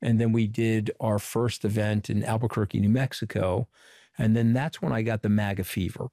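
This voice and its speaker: A middle-aged man from Long Island, giving an interview as a former communications director and telling animated stories with quoted dialogue. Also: fairly low pitch, moderate pace, dry recording, studio quality. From Long Island, New York. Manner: animated storyteller who quotes people in dialogue. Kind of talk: conversational storytelling interview.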